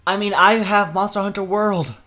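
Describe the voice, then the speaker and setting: A young man with a slightly higher voice chats casually as a player at a tabletop game. He argues his points eagerly, and faint music plays behind him. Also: fairly even intonation, moderate pace, pushed and bright.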